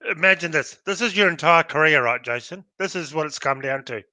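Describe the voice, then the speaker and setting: A man's voice: fairly high pitch, a little fast, pushed and bright, no room sound. An Australian man co-hosting a livestream podcast, talking in a sarcastic, mocking way. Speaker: podcast co-host. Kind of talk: casual livestream chat.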